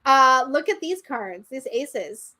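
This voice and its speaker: A high-pitched woman chats loosely on a live stream, gushing over each card she holds up. She laughs easily at her own quirks and keeps the talk light and warm. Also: big pitch swings. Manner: gushing, self-deprecating, quick to laugh. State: slight tickly throat, coughing. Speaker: co-host of a tarot livestream. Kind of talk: casual live-stream chat.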